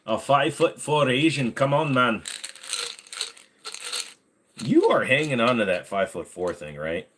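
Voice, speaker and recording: A man's voice: medium pitch, lively intonation, a little slow, long pauses, noisy background. A man hosting a casual livestream, joking and rambling straight to his chat, a little short of breath. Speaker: livestream host. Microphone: desk microphone.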